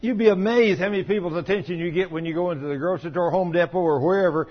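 A man's voice: high-pitched, racing. A middle-aged man preaching a sermon in a folksy storytelling manner, acting out the voices of people he quotes. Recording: dull lo-fi recording.

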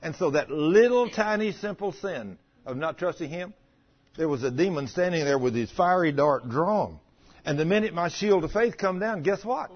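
An older man preaching a folksy, animated sermon about healing, acting out the voices in his stories. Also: a little high, normal speed. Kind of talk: sermon storytelling. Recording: dull lo-fi recording.

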